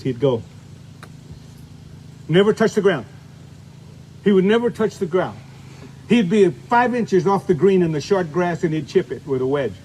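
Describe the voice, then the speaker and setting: A man's voice: fairly high pitch, warm tone, slight background noise. An older man giving a golf lesson outdoors, chatty and folksy, demonstrating shots as he talks. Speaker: golf instructor.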